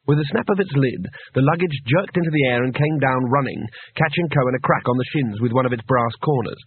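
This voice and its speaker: A man reading a comic fantasy novel aloud in steady, wry scripted narration. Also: mid-range voice, fairly quick, few pauses, slightly rough. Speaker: audiobook narrator. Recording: tinny, dry, phone-like audio.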